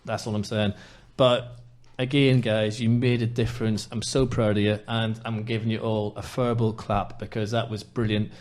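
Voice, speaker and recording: A man's voice: fairly low pitch, level tone, moderate pace, hardly any pauses, a little mellow. A man hosting a football podcast in casual chat, talking in an impassioned, emphatic way. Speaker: podcast host.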